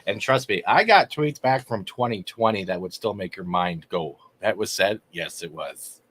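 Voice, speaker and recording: A man's voice: on the low side, expressive, moderate pace, a bit bright, husky. A man co-hosting a casual live stream, joking, interrupting and feigning outrage. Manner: jokey, interrupts, mock outrage. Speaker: co-host.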